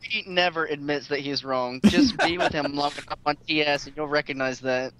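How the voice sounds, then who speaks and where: A man's voice: fairly high pitch, moderate pace, pushed and bright. A man on a casual gaming panel, making teasing, jokey remarks. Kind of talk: casual gaming roundtable chat.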